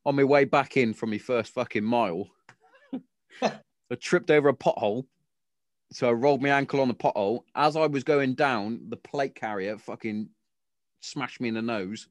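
A man's voice: medium pitch, normal speed, no echo. Man, 30s, podcast host, swears freely, jokey, dry dead-room sound. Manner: blunt, sweary, jokey storyteller. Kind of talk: casual chat. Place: home garden shed.

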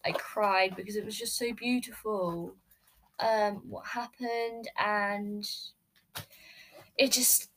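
A woman's voice: mid-range voice, a bit bright, low-quality recording. A woman vlogging from her bed, ranking books in a rambling, gushing way with many fillers. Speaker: book vlogger. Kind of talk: casual book ranking vlog. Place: bedroom, sitting on her bed. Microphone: camera recording.

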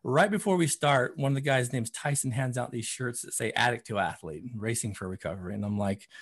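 A man's voice: medium pitch, fast, hardly any pauses, husky. A man, a therapist and running coach, telling a story in casual conversation, acting out quotes with lots of fillers. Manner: animated, acts out quotes, many fillers like "you know" and "man".

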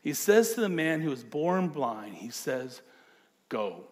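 Lively, emphatic preacher man. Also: unhurried. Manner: dynamic preaching, dropping low then rising to emphatic bursts. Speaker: pastor. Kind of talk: sermon.

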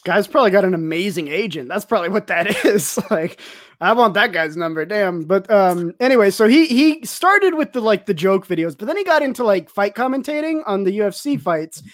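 A young man from El Paso talks in loose podcast chat, his pitch swinging up and down as he rambles. He laughs a lot between thoughts. The sound is dry, with no room around it. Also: fairly quick, dry recording. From El Paso, Texas. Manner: laughs often, rambling and animated. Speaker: podcast co-host. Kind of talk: casual chat.

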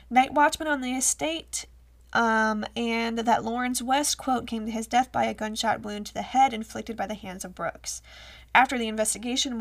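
A woman co-hosts a podcast, reading old newspaper accounts and breaking off for quick jokes. Her voice sits a little high, has a gravelly fry, and stays chatty throughout. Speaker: podcast co-host. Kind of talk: casual chat reading old news reports.

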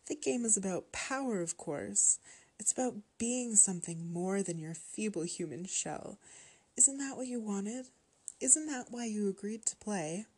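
A woman's voice: lowish voice, normal speed, close to an everyday voice. A woman reading a horror story voices a cruel female vampire cult leader who coos with menacing glee. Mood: cooing. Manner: cooing, gleeful, menacing.

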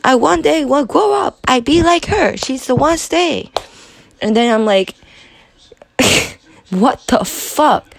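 A young woman in her twenties hosts a podcast, telling a personal story in a halting, profane confessional monologue. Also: sits high, lively intonation, creaky, no room sound. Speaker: podcast host.

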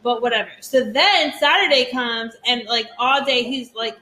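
A young woman with a high voice tells a story in casual podcast chat, acting out each quote with lively drama. Her voice rings in an echoey room. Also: a little slow, a little hiss or hum. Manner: animated storyteller, acts out quotes. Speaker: podcast co-host.

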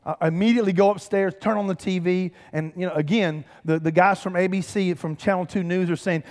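A man preaches from the pulpit in a fairly high voice, rising into emphatic swells and turning to the congregation with direct calls. His voice carries a long reverb from the large sanctuary around him. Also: steady tone, brisk, hardly any pauses, darkish tone. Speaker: pastor. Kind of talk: sermon. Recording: long reverb of a big hall.

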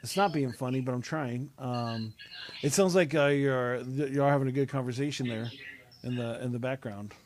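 A man's voice: mid-range voice, moderate pace, darkish tone, a little hiss or hum. A man hosting a casual web show over a remote call, talking with many fillers and restarts. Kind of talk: casual chat.

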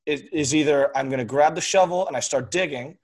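A man's voice: a little high, a little fast. Earnest man explaining an analogy. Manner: frequently clears his throat. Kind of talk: casual conversation.

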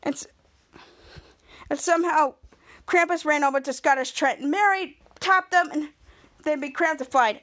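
A woman with a high voice hosts a podcast and walks through a TV episode scene by scene. Her telling is halting, full of restarts and clipped-off words as she hunts for the next detail. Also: fairly bright tone. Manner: halting retelling with frequent restarts and cut-off words. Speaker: podcast host.

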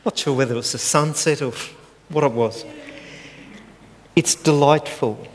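Older male preacher, slow and earnest, slightly high voice, long church hall reverb. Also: slight background noise. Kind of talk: sermon.

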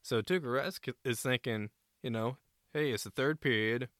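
A man co-hosting a casual sports podcast, animated and a bit profane, often acting out players' shouted lines. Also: medium pitch, moderate pace, no echo, studio quality. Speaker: co-host.

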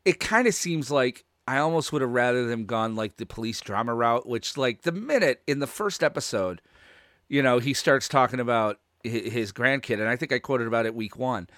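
A man in mid pitch chats casually on a podcast, rambling and stopping to restart his sentences. His voice is recorded close and dry, with no room around it. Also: moderate pace, a bit bright, no echo. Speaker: podcast host.

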